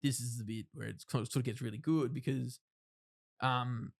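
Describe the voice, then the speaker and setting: A man's voice: mid-range voice, steady tone, normal speed, gravelly. Blunt man in his thirties. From Australia. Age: 30s. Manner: rambling, self-interrupting retelling with frank swearing and acted-out quotes. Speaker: podcast guest. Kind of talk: casual interview, personal storytelling.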